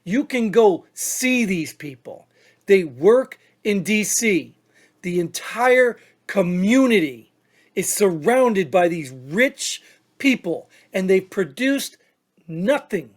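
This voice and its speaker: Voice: mid-range voice, big pitch swings, slow pace. Blunt, heated veteran podcast rant. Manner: blunt, heated ranting, insulting the listener; rhetorical questions and repetition. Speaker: podcast co-host, military veteran. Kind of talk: opinionated political commentary.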